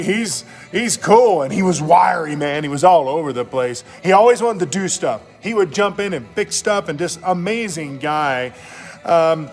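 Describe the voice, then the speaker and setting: A middle-aged man, a pastor, telling stories in a casual, enthusiastic, slangy motivational talk. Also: on the high side.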